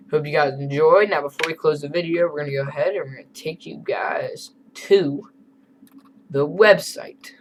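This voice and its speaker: A man's voice: fairly high pitch, pushed and bright, a little hiss or hum, rough recording. A man teaching a beginner Spanish lesson over a screen recording, explaining in a casual, chatty way with asides.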